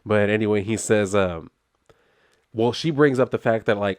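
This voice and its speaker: Male comic reviewer, rambling conversational recap, low voice, dry sound. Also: normal speed, no echo. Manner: rambling, conversational, many fillers. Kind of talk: casual comic book review.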